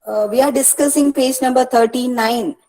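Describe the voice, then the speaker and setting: Patient woman lecturing, slow repeated examples. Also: high voice, fairly even intonation, warm tone, rough recording. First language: Malayalam. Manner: explains patiently, repeats words slowly, corrects herself. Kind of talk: recorded lecture.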